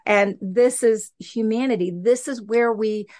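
A woman's voice: medium pitch, measured pace, darkish tone. A woman teaching scripture in a casual, conversational way, often checking in with "okay" and "right.". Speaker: podcast teacher.

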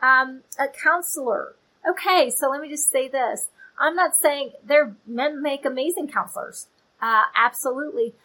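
A woman giving a casual, chatty Bible teaching, animated and playful with asides. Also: high voice, moderate pace, few pauses, poor audio.

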